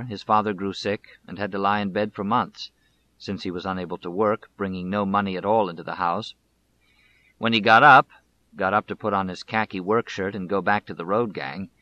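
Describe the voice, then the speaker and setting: A man narrating a biography as an audiobook in a measured, deliberate way. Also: lowish voice, sharp tone, muffled recording.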